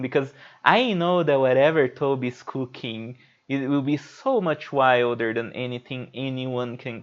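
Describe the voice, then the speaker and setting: It's a muffled recording, yet his mid-range voice keeps a clean tone. The man streams a game while casually chatting, wandering off topic and swearing loosely as he plays.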